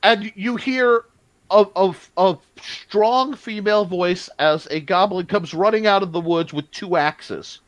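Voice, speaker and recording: A man running a tabletop game as game master, animated and laughing as he narrates. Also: sits high, dry recording. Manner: animated, laughing, jumps between narration and quick voices.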